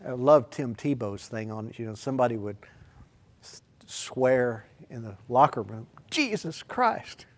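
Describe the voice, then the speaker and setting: A man preaching a sermon, swinging between quiet, hushed asides and loud, emphatic exclamations. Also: medium pitch, fairly even intonation, moderate pace.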